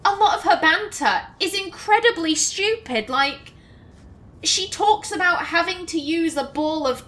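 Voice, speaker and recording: A woman talks through a video game session in a high, bright voice. She takes her time with each thought, breaking into little acted-out lines of dialogue. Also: slight background noise. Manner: animated, acts out characters' lines. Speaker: let's play host. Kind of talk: casual commentary over gameplay.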